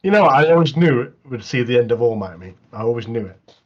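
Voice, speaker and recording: A man, co-hosting a podcast in animated casual chat. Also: mid-range voice, quick pace, crowd noise. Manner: animated, repeats mate a lot. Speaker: podcast co-host. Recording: dull lo-fi mic.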